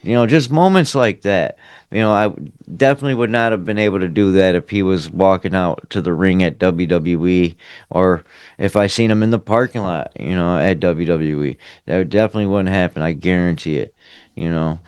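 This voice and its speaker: A man's voice: low voice, moderate pace, darkish tone, clear, resonant tone, no room sound, clean studio sound. A podcast co-host telling a story in a loose, enthusiastic way, full of "uh" and "man". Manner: enthusiastic, filler-heavy. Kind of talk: casual chat.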